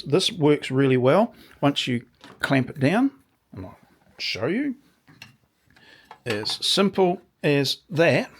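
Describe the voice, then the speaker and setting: A man talks through a demonstration in his small workshop at a relaxed, rambling pace, often stopping to correct himself. His voice is a little croaky from sawdust and sits at an ordinary middle pitch. He drops in dry, understated asides. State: slightly croaky from dust. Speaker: workshop video maker.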